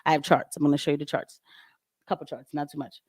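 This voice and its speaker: A woman's voice: low-pitched, level tone, fast talker, darkish tone, slightly rough, no room sound, clean studio sound. A young adult woman hosting a casual commentary livestream, blunt and sarcastic, often laughing as she talks. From of Haitian descent. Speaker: show host.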